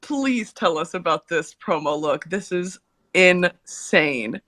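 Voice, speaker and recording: Brash joking woman co-host, bright voice with a lively swing. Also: fairly low pitch, takes it slowly. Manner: brash, joking, laughs often. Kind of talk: casual chat.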